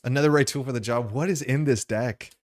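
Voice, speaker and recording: A man's voice: medium pitch, brisk. A man playing a card game on stream, thinking aloud as he explains the rules and his choices in a casual way.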